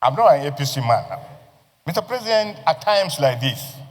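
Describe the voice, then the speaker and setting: Forceful Nigerian senator in echoing chamber. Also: male voice, fairly high pitch, very animated, moderate pace. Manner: forceful, declamatory oratory with repeated phrases. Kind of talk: parliamentary floor speech. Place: legislative chamber. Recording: reverberant chamber audio.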